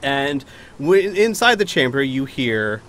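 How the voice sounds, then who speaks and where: A man's voice: mid-range voice, very animated, takes it slowly, a bit bright. A man narrating a tabletop role-playing game as game master, rambling at times with fillers and restarts.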